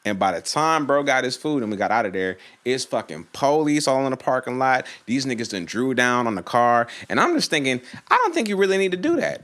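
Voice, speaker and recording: A man from Virginia tells a story in a loose, casual way. His voice is bright and forward and swings freely up and down as he acts out the people in his tale. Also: mid-range voice. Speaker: storytime YouTuber.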